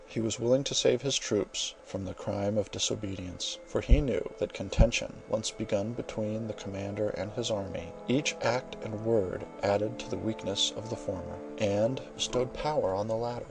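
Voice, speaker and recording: A male narrator reads a classic novel in a measured, formal storytelling manner. His voice sits low, with a gravelly texture. Faint music plays under the reading. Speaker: audiobook narrator.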